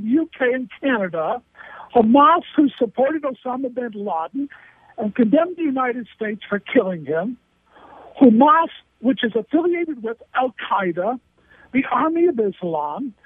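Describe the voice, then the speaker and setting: A man's voice: very high-pitched, breathy edge, no echo. A man giving indignant, emphatic commentary in an interview, hammering his points through repetition. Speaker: guest commentator. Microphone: telephone line. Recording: tinny dry phone line.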